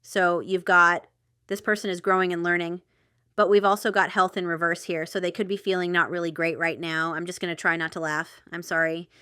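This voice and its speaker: Bright, crisp-voiced woman reading tarot. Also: fairly low pitch, little pitch movement, a little fast, no echo, studio quality. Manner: chatty and rambling, with asides and stifled laughter. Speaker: tarot reader. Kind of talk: casual tarot reading to camera.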